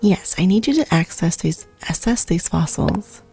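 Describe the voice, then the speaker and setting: A woman's voice: on the low side, normal speed, gravelly, mellow, faint music behind. A woman hosting her own channel, chatting casually and giggling while she plays a video game. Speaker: gaming channel host.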